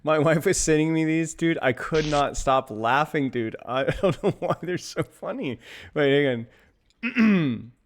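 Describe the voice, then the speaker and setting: A man's voice: on the high side, animated, unhurried. A man streaming and coaching a game, chatting casually with his viewers in a loose, rambling way and often breaking into laughter. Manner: giggly, keeps breaking into laughter. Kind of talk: casual live-stream chat.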